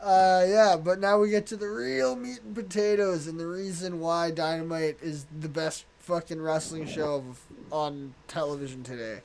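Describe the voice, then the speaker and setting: A man hosting a casual podcast chat, recapping excitedly with lots of swearing. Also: fairly high pitch, normal speed, gravelly, hardly any pauses, slight background noise. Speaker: podcast host.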